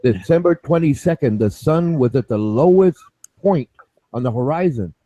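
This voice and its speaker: A man's voice: a little high, lively intonation, normal speed, warm tone, no room sound, poor audio. A man explaining his view at length in a group chat, lecturing and repeating himself, checking in with "okay?" and "right?".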